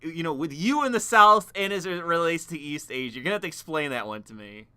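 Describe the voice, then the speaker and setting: A man's voice: fairly high pitch, animated, fast talker, pushed and bright, clear, resonant tone. A young man streaming casual commentary, rambling and profane, laughing at his own remarks.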